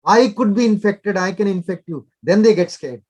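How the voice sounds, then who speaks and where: An older male doctor gives advice in an interview. His voice sits fairly high, and he talks instructively in short, repeated directives. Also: normal speed, a little mellow. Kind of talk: explanatory interview talk.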